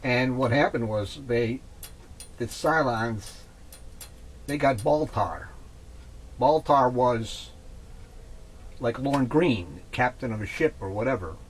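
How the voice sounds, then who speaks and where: A man's voice: mid-range voice, expressive, slow, long pauses, slight background noise. Eager talk radio co-host, man. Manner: eager, chiming in. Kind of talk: casual talk radio chat.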